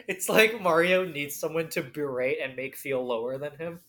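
A woman's voice: deep voice, normal speed. A woman co-hosting a casual podcast, profane and jokey, reading news aloud between gags. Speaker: podcast co-host. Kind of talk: casual chat.

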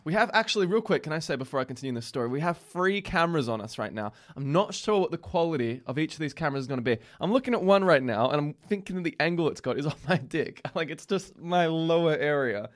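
A man's voice: fairly high pitch, expressive, fast, hardly any pauses. A young man, hosting a casual chat show and telling a long story in a rambling way, often laughing and trailing off. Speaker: podcast host.

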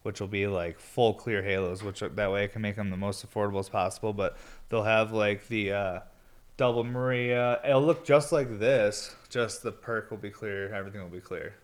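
A man's voice: lowish voice, steady tone, moderate pace. A young man hosting a solo podcast, rambling in a laid-back, stoned way, full of filler words and casual swearing. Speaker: podcast host and glass blower.

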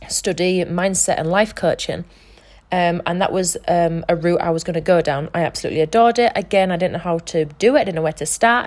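A woman's voice: on the low side, darkish tone. A young woman hosting her own podcast, talking earnestly and emphatically about changing her life, swearing freely as she goes. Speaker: podcast host and life coach. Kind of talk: casual motivational monologue.

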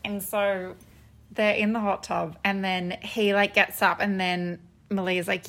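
A woman's voice: medium pitch, little pitch movement, a little slow, a bit bright. A woman co-hosting a podcast, chatting casually, laughing and swearing freely. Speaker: podcast co-host. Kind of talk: casual chat.

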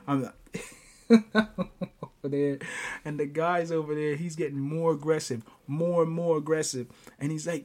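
Animated man telling a story with laughs. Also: fairly high pitch, unhurried. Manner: animated, laughing often, stammering restarts. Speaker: podcast host. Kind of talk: casual storytelling.

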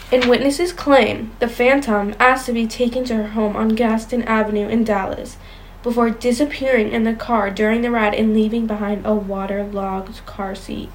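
A young podcast co-host reads ghost stories aloud on a casual chat show, stumbling occasionally. Her voice is on the high side, and the low-quality recording carries a bit of hiss or hum.

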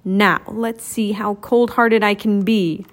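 A woman's voice: medium pitch, fairly even intonation, slow pace, natural voice. A woman voicing a gloating, cackling male villain professor from a storybook.

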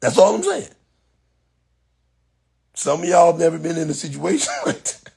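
A man's voice: a little high, huge pitch swings, normal speed, vocal fry, darkish tone, breathy edge. A man ranting bluntly and profanely to his viewers in casual talk, repeating "you know what I'm saying" and breaking into laughter often. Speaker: social media personality.

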